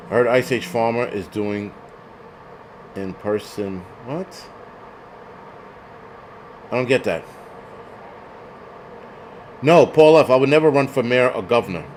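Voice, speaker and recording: A man on a casual livestream, talking straight at his chat in a blunt, foul-mouthed way. His voice sits at an ordinary middle pitch, and a faint air conditioning hum runs underneath. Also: slow pace, long pauses, a little mellow. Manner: blunt, profane ranting. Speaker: livestream host reading chat.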